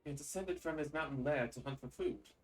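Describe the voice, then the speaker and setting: A man's voice: fairly high pitch, recorded from a distance, close to an everyday voice, low-quality recording. A man reading a solemn haunted woman. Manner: measured, archaic phrasing.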